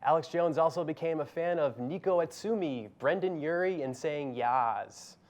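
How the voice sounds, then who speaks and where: A man hosting a comedy show, delivering scripted commentary in a dry, sardonic way. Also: mid-range voice.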